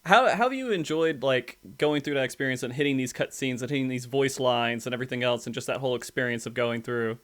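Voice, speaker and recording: A man's voice: mid-range voice, fast talker, hardly any pauses, fairly bright tone. A man hosting a casual gaming podcast, asking easygoing questions and laughing along with his guest. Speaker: podcast host.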